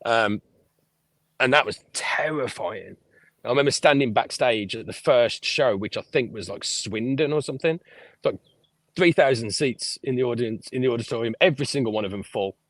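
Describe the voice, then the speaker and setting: Man, podcast guest, animated storyteller, swears a lot, dry close sound. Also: mid-range voice, moderate pace, no room sound. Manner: lively anecdotal storyteller, swears freely. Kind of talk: casual storytelling interview.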